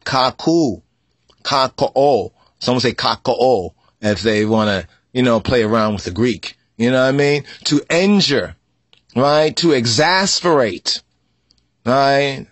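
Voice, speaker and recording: A man teaching scripture in a repetitive style, asking "right?" again and again and breaking into loud outbursts. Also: medium pitch, lively intonation, a little slow, husky, dry recording. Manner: repetitive, asks "right?" constantly, spells out word meanings. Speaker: religious teacher.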